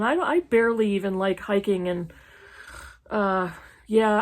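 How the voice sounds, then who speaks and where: A woman's voice: on the high side, normal speed. A woman in her fifties from New England, chatting frankly through a list of questions with sarcastic asides. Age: 50s. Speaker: book YouTuber. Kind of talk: casual chat answering tag questions. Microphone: camera mic, reading from an e-reader.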